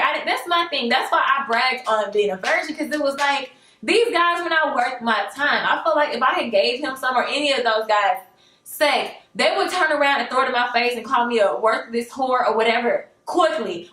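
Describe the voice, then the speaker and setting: Sassy high-voiced young woman telling a story. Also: echoey room. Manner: animated, sassy, laughs often, jumps into high quoted voices. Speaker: storyteller vlogger. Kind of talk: casual storytime monologue.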